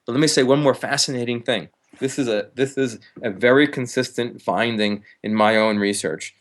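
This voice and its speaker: A man, a counselor, talks as an interview guest, explaining with lively energy, laughing now and then and acting out harsh inner voices. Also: medium pitch, normal speed. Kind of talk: explanatory conversational talk.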